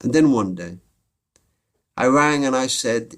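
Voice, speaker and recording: A man's voice: a little high, expressive, normal speed. A man, a guest on a podcast, telling a moving story with dramatic pacing and quoted voices.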